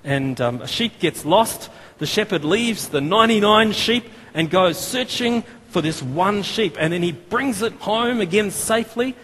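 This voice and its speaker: Australian male preacher, 30s, casual and self-deprecating, slightly high pitch, long church reverb. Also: animated, unhurried, few pauses, fairly bright tone. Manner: chatty and self-deprecating, with many fillers and restarts. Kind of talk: sermon. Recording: long hall reverb, faint room noise.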